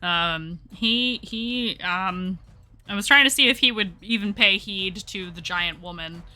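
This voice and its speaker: Game master: woman with a sharp, bright tone, upbeat and quick to laugh while she runs the table. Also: mid-range voice. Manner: upbeat, laughs often between rulings.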